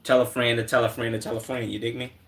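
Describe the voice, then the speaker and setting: A man's voice: mid-range voice, level tone, fast talker, creaky, a bit bright. A young man from Chicago streaming, chatting casually in a laid-back, slangy, profane way at a desk microphone.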